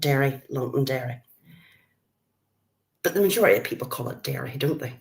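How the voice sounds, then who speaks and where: Northern Irish woman, middle-aged, low voice, friendly live-stream chatter. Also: animated, fairly quick, gravelly. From Northern Ireland. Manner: chatty, greets viewers by name, calls them love. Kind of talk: casual live-stream chat with viewers.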